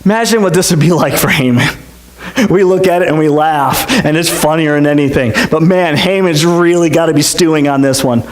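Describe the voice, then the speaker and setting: A man's voice: fairly high pitch, fairly quick. A man preaching a sermon as pastor, telling the story in a playful, jokey way. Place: church sanctuary. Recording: echoey church sanctuary.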